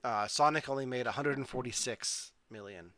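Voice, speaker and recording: A man's voice: mid-range voice, moderate pace, a bit bright, dry recording. A man hosting a casual podcast over a video call, running through facts with joking asides. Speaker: podcast host. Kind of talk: casual chat.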